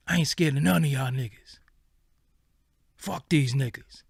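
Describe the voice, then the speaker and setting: Profane, animated man ranting on stream. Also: a little high, unhurried, creaky, breathy edge, no echo, studio quality. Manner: animated, profane, streetwise slang. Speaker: livestream host. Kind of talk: casual livestream rant.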